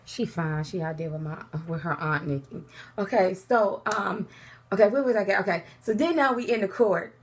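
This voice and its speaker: A woman telling a personal story in casual vlog style, animated and laughing often. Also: normal speed, a little hiss or hum. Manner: animated storytelling, laughs often, jumps into high pitch for quoted lines. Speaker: vlogger.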